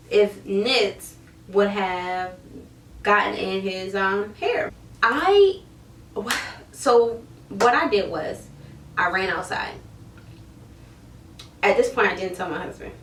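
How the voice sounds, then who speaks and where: A woman in her thirties telling a story to camera in a casual, animated way, acting out her own reactions. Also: mid-range voice, slight background noise. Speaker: hair seller vlogger. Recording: roomy, mic at a distance.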